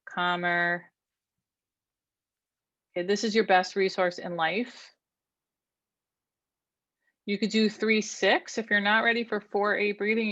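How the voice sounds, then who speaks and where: A woman therapist leading an online workshop, calmly guiding a breathing exercise and teaching, counting slowly and giving instructions. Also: mid-range voice, no echo, lo-fi sound. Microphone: online video call.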